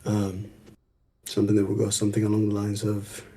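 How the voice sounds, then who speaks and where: A man playing his character in a tabletop game, describing his actions slowly and deliberately. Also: on the low side, monotone, warm tone, husky. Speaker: player.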